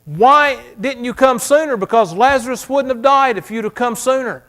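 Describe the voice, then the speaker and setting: Preacher guy doing a grieving sister, pleading, voice pushed up high. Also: moderate pace, pushed and bright. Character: grieving, reproachful sister, a woman.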